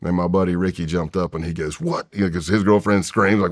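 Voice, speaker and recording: Deep-voiced man telling a story. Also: steady tone, quick pace, few pauses. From United States. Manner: rambling and candid, with frequent restarts and asides. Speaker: podcast guest, retired federal agent. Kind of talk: casual storytelling in a long-form interview.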